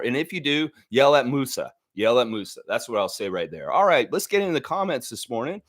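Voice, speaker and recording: A man hosting a live fan stream, talking in an animated, joking way and addressing players directly. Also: on the high side, a little fast, few pauses, no room sound, clean studio sound. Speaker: fan show host.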